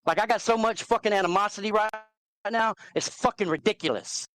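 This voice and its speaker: A man's voice: sits high, brisk, a bit bright. A man hosting a live talk show, ranting angrily with constant swearing. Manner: angry, profane ranting. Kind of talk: heated live chat.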